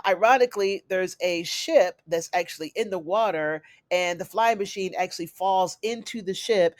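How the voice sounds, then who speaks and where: A woman's voice: medium pitch, dry recording. Chatty woman recapping a TV episode, dry sound. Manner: chatty, addresses viewers as y'all and honey. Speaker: TV recap reviewer.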